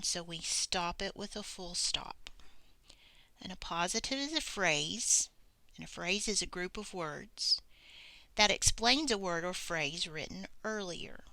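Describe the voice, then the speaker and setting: A woman teaching a grammar lesson at an unhurried, careful pace, reading each example with deliberate pauses. Her voice has a bright edge and a gravelly fry, recorded close and dry. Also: fairly low pitch, no echo. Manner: slow, deliberate, reads examples aloud with pauses.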